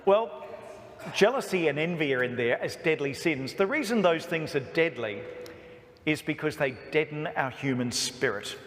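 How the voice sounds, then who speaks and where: A priest from Australia giving an emphatic talk to a parish, with humor and stories woven in. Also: male voice, a little high, lively intonation, normal speed, fairly bright tone. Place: church. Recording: echoey church hall reverb.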